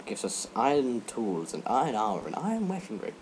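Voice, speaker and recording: A teenage boy rambling and joking through gaming commentary, breaking into sudden loud yelps. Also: medium pitch, very animated, fairly quick, slight background noise. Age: teens. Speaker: let's play gamer.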